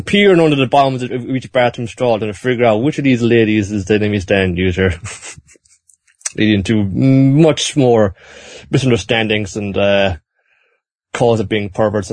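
A man's voice: fairly low pitch, dry recording. Rambling man recapping a story. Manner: rambling, animated, with frequent fillers and restarts.

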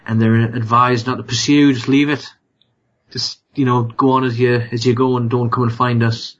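A man co-hosting a podcast in casual chat, joking and reacting quickly. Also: medium pitch, little pitch movement, fairly bright tone, highs cut off. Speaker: podcast co-host.

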